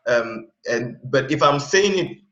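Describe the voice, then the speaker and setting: A man's voice: mid-range voice, unhurried. Cameroonian man talking in a roomy space. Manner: animated, lots of fillers and restarts. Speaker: guest. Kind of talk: casual interview chat. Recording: roomy, dull lo-fi sound.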